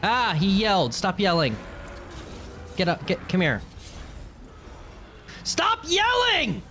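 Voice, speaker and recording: Male streamer, excitable live gameplay commentary, unhurried delivery with big swoops in pitch. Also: slight background noise. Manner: excitable, yells at the game.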